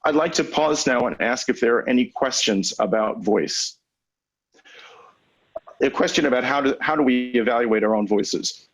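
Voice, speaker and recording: A man coaching lawyers on public speaking in a webinar over a video call, teaching in a measured, conversational way with deliberate pauses. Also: medium pitch, slightly rough, rough recording. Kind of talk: webinar lecture. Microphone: video call microphone.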